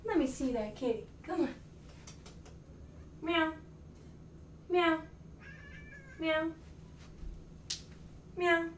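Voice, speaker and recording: A woman's voice: extremely high pitch, lively intonation, extremely slow, long pauses, a little hiss or hum. A woman hosting a home livestream, talking playfully to her cats and greeting viewers. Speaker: livestream host. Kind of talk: casual chat playing with her cats. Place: indoor room at home. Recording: echoey room, mic far off.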